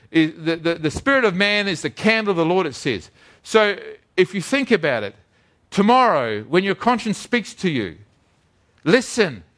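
A man's voice: high voice, fairly bright tone. A man preaching a sermon as a pastor, telling stories earnestly and often repeating his words.

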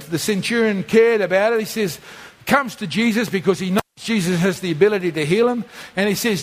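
A man preaching a sermon, animated, acting out voices as he tells the story. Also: high voice, normal speed, big-room sound. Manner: animated, acts out quoted voices like a whining child. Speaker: pastor.

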